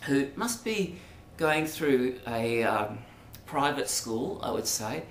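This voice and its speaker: A man's voice: mid-range voice, animated, takes it slowly. An Australian man vlogging in a rambling, hesitant monologue full of ums and asides. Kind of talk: casual monologue to camera. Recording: roomy echo, faint background noise.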